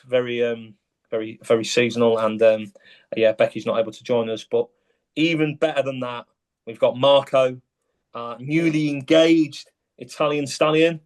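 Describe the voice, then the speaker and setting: A man's voice: mid-range voice, darkish tone. A man hosting a casual podcast, chatty and jokey with frequent ums. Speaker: podcast host.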